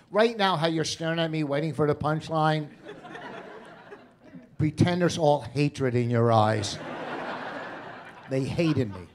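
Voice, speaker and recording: A man's voice: fairly high pitch, slight background noise. A middle-aged man with a New Jersey accent doing a stand-up set on stage, telling stories in a brash, cranky, profane way. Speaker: stand-up comedian. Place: comedy stage before a live audience.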